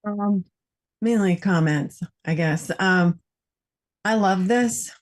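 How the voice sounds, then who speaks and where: A woman on an online call sharing personal experience in a heartfelt, halting way. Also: medium pitch. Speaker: panel participant. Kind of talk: casual online chat.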